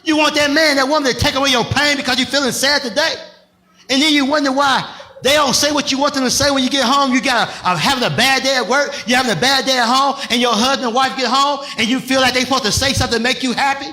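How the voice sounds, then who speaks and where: A male pastor preaching a sermon, swinging from loud shouted lines to soft asides with bursts of laughter. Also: very high voice, fairly even intonation, fast talker.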